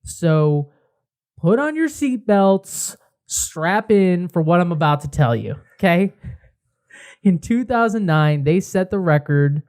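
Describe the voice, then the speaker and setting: A man co-hosting a casual podcast, telling a story with animated build-ups. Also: high voice, slow pace, clear, resonant tone. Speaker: podcast co-host.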